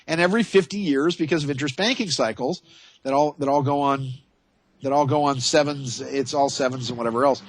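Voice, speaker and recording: A man's voice: mid-range voice, a little fast, a little hiss or hum. A man hosting a radio talk show, chatting and joking in a rambling way.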